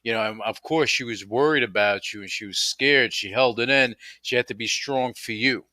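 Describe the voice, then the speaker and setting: A man's voice: medium pitch, normal speed, pushed and bright, no room sound. A man hosting a radio interview, talking in an enthusiastic, encouraging way and often repeating himself. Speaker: radio show host. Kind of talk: casual interview chat.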